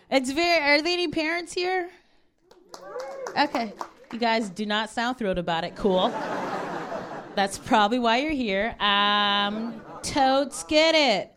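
A woman in her thirties, from Ohio, doing a stand-up set on stage to a live audience. She talks in a laid-back, wry way at a mid-range pitch and drops in plenty of fillers between jokes. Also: a bit bright, clean tone. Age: 30s. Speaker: stand-up comedian.

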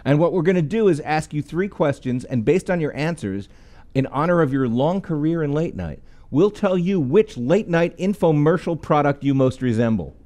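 A man's voice: fairly high pitch, expressive, normal speed, warm tone. A man co-hosting a podcast, introducing a quiz segment in an upbeat announcing way. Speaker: podcast co-host. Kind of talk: reading a game segment.

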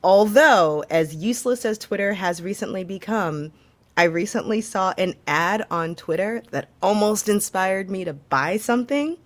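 A woman's voice: mid-range voice, lively intonation, normal speed. A woman co-hosting a casual news chat show, talking loosely with plenty of fillers. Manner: chatty, lots of fillers and laughs. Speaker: co-host.

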